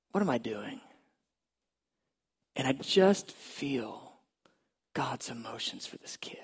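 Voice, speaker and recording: A man telling a personal faith testimony in a conversational way, sometimes dropping to a hush. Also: mid-range voice, husky. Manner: conversational storytelling, drops to hushed tones at tender moments. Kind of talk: testimony story.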